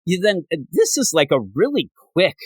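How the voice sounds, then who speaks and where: Animated man chatting about comics. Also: high-pitched, breathy edge, dry recording. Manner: animated retelling, slipping into quick character voices. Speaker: comic book podcast host. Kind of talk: casual comic review chat.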